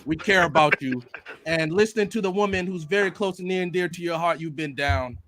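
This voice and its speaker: A man putting on a preacher's voice for a mock eulogy, swelling loud and dropping soft in sermon cadence. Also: on the high side, a little fast, slight background noise, lightly acted. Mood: solemn. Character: adult male preacher delivering a mock eulogy. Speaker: podcast host.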